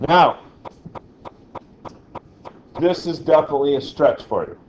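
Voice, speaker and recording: A man's voice: on the high side, unhurried, dull audio, slight background noise. A man teaching a physics lesson in a classroom, quizzing the class as he goes. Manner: chatty, asks the class questions. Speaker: science teacher.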